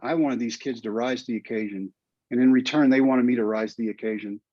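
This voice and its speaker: A man's voice: medium pitch, steady tone, fast, mellow, no echo. An older man with a Texan drawl tells a story with earnest feeling. His voice sits in a middle register, and the sound is dull and lo-fi with a dry, close feel. He speaks as a podcast guest recalling what moved him. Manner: emotional, earnest storytelling with quoted asides. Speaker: guest, former pitcher and teacher.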